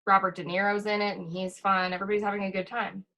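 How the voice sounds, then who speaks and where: A woman's voice: mid-range voice, level tone, fast, sharp tone. A woman in casual conversation, reacting with incredulous questions. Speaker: podcast co-host. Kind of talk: casual chat.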